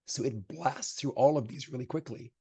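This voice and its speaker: A man leads a programming lecture, coding live and talking through each step as he types. His voice is husky and mellow, at an ordinary middle pitch. He grows emphatic when he hands out advice. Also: normal speed. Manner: chatty, thinks aloud while typing code. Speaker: programming instructor.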